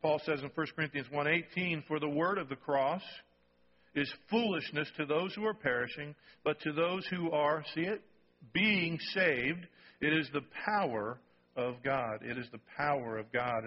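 A man's voice: fairly high pitch, normal speed. A man preaching a sermon as pastor, emphatic and repeating his key phrases, often checking in with the congregation. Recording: dull recording in a reverberant hall.

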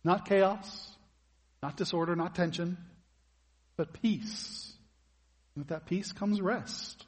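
Male pastor, somewhat high husky voice, chatty sermon with questions to the room, long hall reverb. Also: slow pace. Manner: conversational preaching, asks the congregation questions.

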